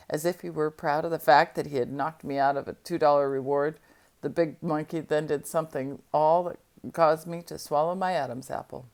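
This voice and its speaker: A woman reading a novel aloud, telling it in a steady first-person storytelling manner. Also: sits low, moderate pace. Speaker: audiobook reader.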